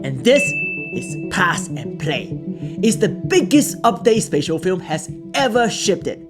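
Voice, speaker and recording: A man's voice: sits high, very animated, slow pace. A man hosting a tech channel, narrating a product tutorial in earnest, explanatory short sentences. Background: background music.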